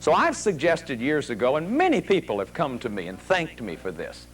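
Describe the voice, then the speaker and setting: A middle-aged man gives a televised psychology lecture before a studio audience, his voice slightly high with a breathy edge and an ordinary pace. He's animated, spinning stories and performing the voices of the people he quotes.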